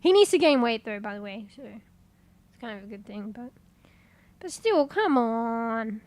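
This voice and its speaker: A woman's voice: a little high, lively intonation, measured pace, a little mellow, no echo. A young woman streaming a game, chatting casually and rambling, swearing freely and laughing often. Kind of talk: casual live-stream chat.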